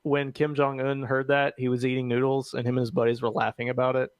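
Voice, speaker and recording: A man co-hosting a podcast in casual political discussion, animated and argumentative, often laughing. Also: mid-range voice, fast, clear, resonant tone. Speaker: podcast co-host.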